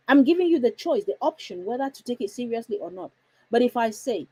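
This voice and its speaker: Woman, parenting coach, emphatic, mellow tone, breathy edge. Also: a little high, expressive, poor audio. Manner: emphatic, shifts tone and pace deliberately for emphasis. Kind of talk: instructional talk to parents.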